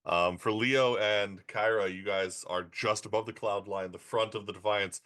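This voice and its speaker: A man running a tabletop game as game master, setting scenes in slow, descriptive narration. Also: on the low side, fairly even intonation, a bit bright, dry recording, clean studio sound.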